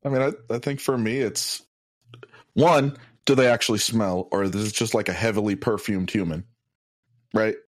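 A man co-hosts a podcast in casual chat, blunt and opinionated. His voice is on the low side, fairly even, at a normal speed. The recording is dry and studio quality.

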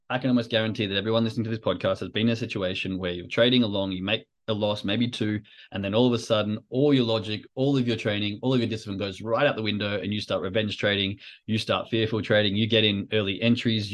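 A man hosting a podcast, explaining things in a casual, conversational way with restarts and asides. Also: on the low side. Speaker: podcast host. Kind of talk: casual educational podcast talk.

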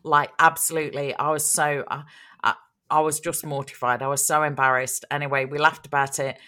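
Low, bright-voiced woman. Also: little pitch movement, a little fast. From Australia. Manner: chatty storyteller, laughs often. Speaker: podcast co-host. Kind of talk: casual chat.

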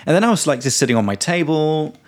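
A man's voice: fairly high pitch, animated, fast. A man co-hosting a podcast, telling a story casually and stopping to explain English phrases. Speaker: podcast co-host. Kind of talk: casual chat teaching English vocabulary.

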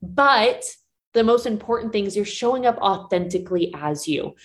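A woman co-hosting a casual live chat as a breathing coach, talking in animated bursts full of "like" fillers. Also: mid-range voice, normal speed.

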